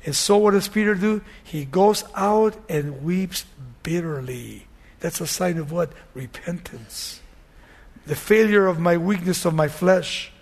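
Man, high voice, pastor preaching, animated storytelling, acts out scenes. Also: measured pace, vocal fry. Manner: animated storytelling, acting out scenes, then quiet prayer. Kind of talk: sermon.

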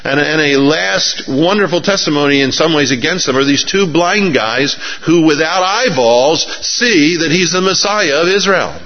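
Male preacher mid-sermon, lively storytelling, recorded dull and muffled in a long-echo hall. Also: fairly high pitch, moderate pace, hardly any pauses. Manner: acts out biblical characters in lively raised voices.

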